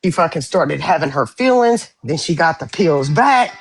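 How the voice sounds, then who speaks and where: A woman's voice: sits low, normal speed, slightly rough, no room sound, soft background music. A woman in heated casual live-stream chat, blunt and profane, retelling a quarrel with lots of swearing. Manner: blunt, profane, animated retelling with voiced quotes.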